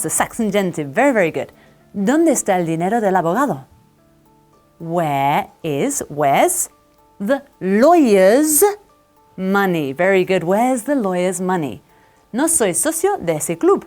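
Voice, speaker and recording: A woman teaching English to camera, drilling vocabulary and repeating words slowly with encouragement. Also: medium pitch, very animated, darkish tone, faint music behind.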